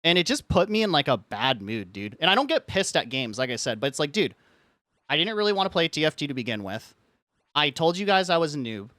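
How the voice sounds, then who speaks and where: A male live streamer who rambles through a story in casual chat, packing nearly every phrase with "like." His voice sits a little high for a man. It is recorded dry and close, with no room echo. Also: big pitch swings, a little fast, bright, forceful tone. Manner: rambling, says "like" constantly; frustrated ranting.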